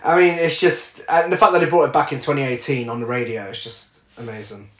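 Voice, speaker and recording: A man's voice: medium pitch, animated, a little fast, reverberant. A man co-hosting a casual chat, reading film trivia aloud with frequent "uh"s and laughs. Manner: reads facts aloud with frequent uhs and laughs.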